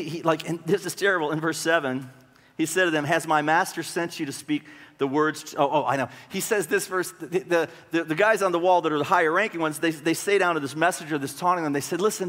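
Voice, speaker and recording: Pastor preaching in a reverberant hall. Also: male voice, on the high side, fairly bright tone. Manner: conversational preaching with rhetorical questions and dramatic retelling. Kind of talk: sermon.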